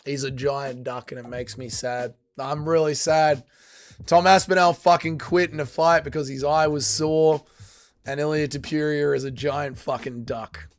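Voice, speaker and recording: A young man hosting a casual livestream, reading chat aloud, swinging between loud bursts and low mumbles. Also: normal speed, soft background music.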